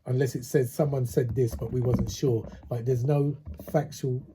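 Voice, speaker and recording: A man's voice: mid-range voice, normal speed, noisy background. An older man with a London accent mixing Cockney and patois, telling stories in a casual interview. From England. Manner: animated storyteller, slips into chanted lyrics and quoted voices. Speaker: interviewee, reggae MC.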